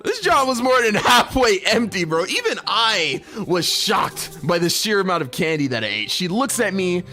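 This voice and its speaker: Young man, comedic storytime narration, high bouncy voice, faint music behind. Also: moderate pace. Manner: expressive, playful slang.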